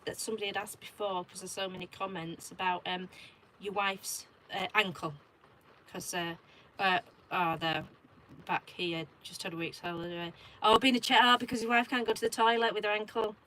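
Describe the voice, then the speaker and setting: A woman with an English accent and a medium-pitched voice hosts a show at a moderate pace, telling stories animatedly in casual chat and reading viewer comments aloud. The recording is low quality, with slight background noise.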